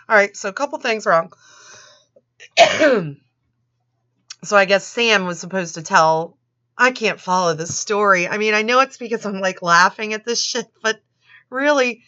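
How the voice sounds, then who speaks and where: Slow, bright-voiced woman mocking a storybook. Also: mid-range voice. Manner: laughs often, swears, sarcastic asides. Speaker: channel host reading a storybook. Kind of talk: mocking read-aloud of a children's book with commentary. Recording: dull lo-fi recording.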